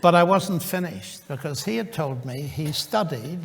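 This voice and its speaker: A man, a university professor, gives a public talk as a lively storyteller with dry humour who recounts conversations and plays both sides of them. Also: a little high, a little slow, gravelly, few pauses, in a large hall. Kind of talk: anecdotal lecture with recounted dialogue.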